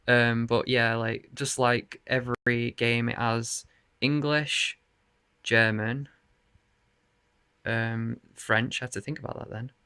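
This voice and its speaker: Man, casual rambling chat, gravelly yet smooth voice, dry close sound, laughs and swears a lot. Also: mid-range voice, flat delivery, takes it slowly, bright, forceful tone, no room sound. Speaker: video game collector showing his cases. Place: bedroom.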